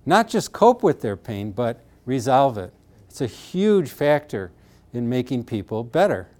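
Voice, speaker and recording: A man's voice: mid-range voice, very animated, measured pace, a little mellow. Earnest man explaining pain therapy. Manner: earnest, re-enacts patients' words with emotion. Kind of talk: explanatory talk with acted patient quotes.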